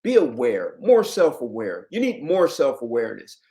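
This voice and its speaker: A man giving relationship advice to camera in an emphatic, lecturing way, jumping up in pitch on key words. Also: huge pitch swings, normal speed, mellow. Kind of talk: direct-to-camera commentary.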